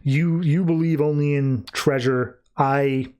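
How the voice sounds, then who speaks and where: A man's voice: on the high side, steady tone, slow, darkish tone, clean tone. A man voicing a battered, defiant male alien warrior who speaks in a heavy, solemn way.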